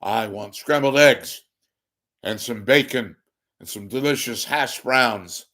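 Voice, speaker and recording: A hoarse man doing an impression of a booming old-time male movie star who grandly demands breakfast. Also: takes it slowly, bright, forceful tone. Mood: grandiose.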